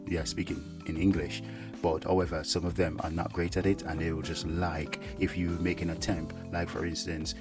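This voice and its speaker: A man who is a soldier, talking casually to the camera in a rambling way, with lots of "yeah" fillers. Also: deep voice. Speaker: soldier and vlogger.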